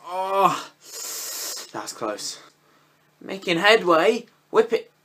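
A bright, sharp-toned young man commentates his own gameplay live. He chats casually and swears freely, then jumps into high, loud yelps when a chance comes. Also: expressive, takes it slowly. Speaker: gaming YouTuber.

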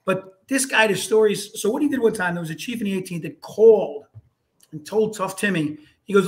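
A man's voice: sits high, brisk. A man, a retired fire lieutenant telling rambling stories on a podcast and peppering them with "you know.". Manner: rambling, repeats words, frequent "you know". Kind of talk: casual storytelling chat.

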